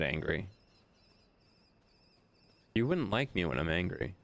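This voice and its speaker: A man's voice: on the low side, big pitch swings, moderate pace, long pauses, a bit bright. A man streaming a game live, chatting casually and teasingly scolding his chat while he plays. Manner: bantering, scolds and teases chat.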